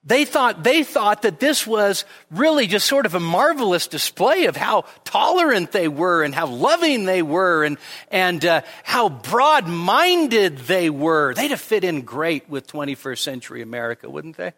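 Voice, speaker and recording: A man's voice: sing-song, a little slow, fairly bright tone, big-room sound. A man preaching a midweek sermon in a conversational way, with many fillers and "right?" checks, who lifts his voice when he quotes scripture. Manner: rises sharply in pitch and volume when quoting scripture. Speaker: pastor. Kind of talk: expository sermon. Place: church sanctuary.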